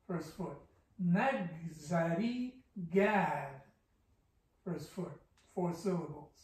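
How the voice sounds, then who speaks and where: A man's voice: high-pitched, expressive, very slow. A man teaching a Persian poetry lesson, patiently breaking lines of verse into syllables and explaining the meter. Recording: echoey room from far off.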